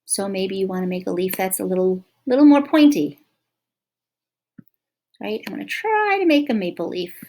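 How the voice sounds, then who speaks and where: A woman teacher speaks gently to young children in a lesson. She is encouraging and patient, and she slows down to sound out the letters of simple words. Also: medium pitch, animated.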